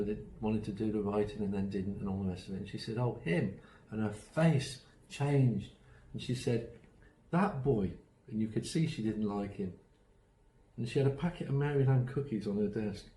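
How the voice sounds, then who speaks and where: A man's voice: medium pitch, dark tone, reverberant, slight background noise, low-quality recording. A man giving an online workshop on autism strategies, telling anecdotes in a chatty way with many ums and restarts. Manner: chatty storytelling, acts out quoted voices, frequent ums and restarts.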